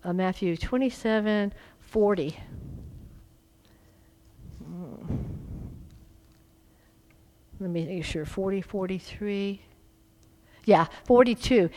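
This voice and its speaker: A middle-aged woman preaching a sermon, fervent and emphatic, swelling into loud exhortation. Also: mid-range voice, unhurried, poor audio.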